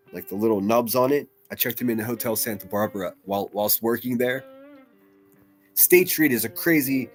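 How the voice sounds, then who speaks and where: A man hosting a casual livestream, reading chat comments aloud and rambling in a loose, profane way. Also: mid-range voice. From United States. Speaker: livestream host.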